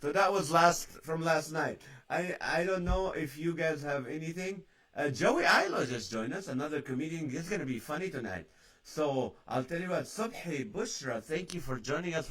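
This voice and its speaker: A man's voice: medium pitch, a bit bright. A man hosting a casual live-stream chat, joking, greeting viewers by name and reading out their comments. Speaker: host of a live stream show.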